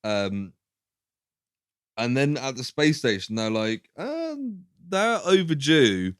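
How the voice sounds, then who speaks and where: Smooth-voiced man recapping a film. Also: medium pitch, big pitch swings, takes it slowly, no room sound, studio quality. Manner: retells the plot, acting out lines in mocking voices. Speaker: podcast co-host. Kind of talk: casual film recap chat.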